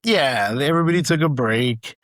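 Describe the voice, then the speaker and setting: A young man from Southern California, a guest actor and comedian telling a story on a podcast in a casual, profane, animated way. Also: medium pitch, normal speed, no echo. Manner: animated, profane, acts out quoted lines.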